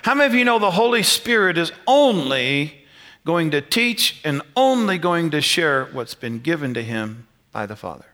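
A male pastor preaching in a church, his voice bright and a touch high. He talks with animation, dropping to near quiet and rising again. Now and then he drifts off the mic. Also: normal speed. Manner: animated, swings loud and quiet, chuckles often. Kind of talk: sermon.

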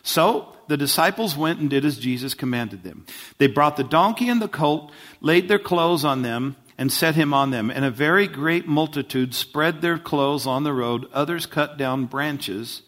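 With a slightly high, fairly bright voice, a man delivers a sermon in a conversational manner. He frequently poses questions to the congregation and makes many restarts.

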